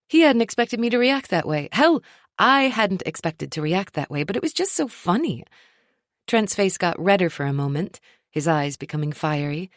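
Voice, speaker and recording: A woman reads a first-person romance audiobook with wry, expressive storytelling. Her voice sits a little low but swings widely in pitch. The recording is dry and close. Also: dry recording. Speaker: audiobook narrator.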